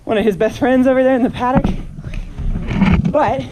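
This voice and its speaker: A woman's voice: high voice, steady tone, moderate pace. A woman horse trainer giving a live teaching demonstration outdoors. She explains her method and coaxes the horse between her points. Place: outdoor horse pen at a camp. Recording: noisy outdoor recording.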